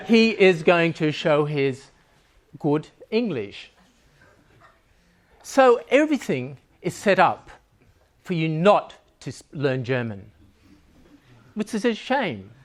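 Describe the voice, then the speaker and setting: A man's voice: on the high side, big pitch swings, slow pace, pauses often. A man giving a humorous talk to a live audience, joking and conversational, laughing at his own lines.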